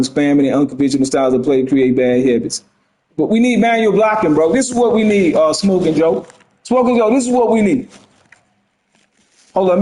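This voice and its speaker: A man giving casual gameplay commentary on a boxing game, slangy and animated, talking straight to his viewers. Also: sits high, echoey room, rough recording. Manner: animated, slangy, talks to chat. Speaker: gaming streamer.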